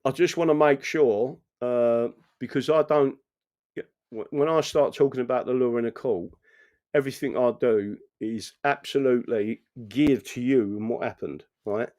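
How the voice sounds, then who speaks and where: A man's voice: medium pitch, darkish tone, no echo, studio quality. A middle-aged man hosting a casual livestream, rambling and swearing as he chats to viewers and reads their comments. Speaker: livestream host reading chat.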